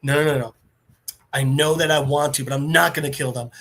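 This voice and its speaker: A man's voice: on the high side, fairly even intonation, a little fast, fairly bright tone. A man voicing a noble, defiant male cosmic hero in a raised, earnest, declaiming voice while retelling a comic on a podcast. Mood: resolute.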